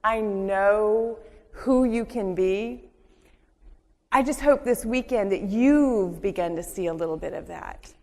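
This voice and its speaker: A woman in her forties speaks earnestly to a convention audience, encouraging them and circling back on her own phrases. Her voice has a middle pitch for a woman. Long reverb from a large hall surrounds it. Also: takes it slowly, mellow. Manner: earnest, encouraging, repeats herself. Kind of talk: motivational speech.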